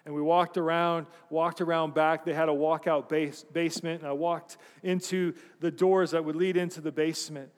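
A man's voice: on the high side, little pitch movement, moderate pace, few pauses, in a large hall. A man preaching a sermon, telling a story with self-deprecating humor and asking his congregation questions. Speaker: pastor.

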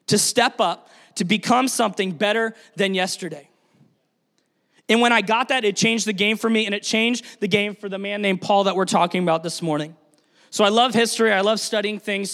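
A man preaching a sermon as pastor, energetic, putting questions to the congregation. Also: high-pitched. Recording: long hall reverb.

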